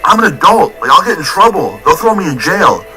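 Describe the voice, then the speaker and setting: A man's voice: high voice, very animated, a little fast, bright, forceful tone, soft background music, pitched above the performer's own voice, full character voice, rough recording. A man voicing his panicked young adult male friend, a weed dealer, with frantic, whiny pleading.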